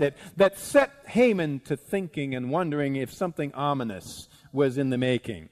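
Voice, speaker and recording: A man preaching a sermon as dramatic storytelling, swinging between loud and hushed. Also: medium pitch, lively intonation, moderate pace, few pauses.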